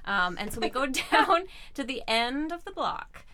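A woman telling a personal story in a casual chat, animated and laughing often as she acts out voices. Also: high voice, a little slow, a little hiss or hum. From Canada.

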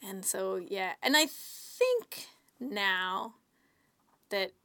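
A woman's voice: mid-range voice, sing-song, drawn-out words, pushed and bright, dry recording. A woman chatting casually as a podcast guest, laughing often and telling stories with animation. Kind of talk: casual chat.

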